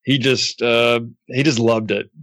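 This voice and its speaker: Animated man hosting a podcast. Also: medium pitch, unhurried. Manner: animated storyteller, acts out quotes. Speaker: podcast host. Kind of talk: casual interview chat.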